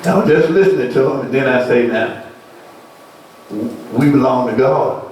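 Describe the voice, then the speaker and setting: A man's voice: medium pitch, normal speed, slight background noise. Preaching man in an echoey church. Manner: preaching with rhetorical questions and sudden shouted peaks. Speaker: pastor. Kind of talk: sermon. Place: church sanctuary. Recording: echoey church sound from far off.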